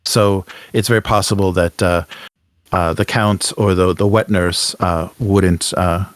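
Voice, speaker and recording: Man, game master, halting narration, lots of fillers, low pitch. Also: steady tone, dry recording. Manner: halting, many fillers and restarts.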